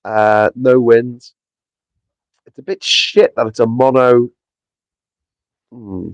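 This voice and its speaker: Speaking slowly with fairly even intonation and a medium pitch, this male streamer is chatty, sweary and low on sleep, reading out viewers' comments during a casual live stream. He's outdoors in the wind, and his small clip-on mic with foam gives a dry, close, dull sound.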